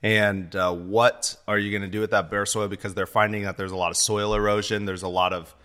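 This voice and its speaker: A man hosting a podcast, asking questions in a relaxed, chatty way. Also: fairly low pitch, fairly quick. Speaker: podcast host. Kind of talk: casual podcast interview.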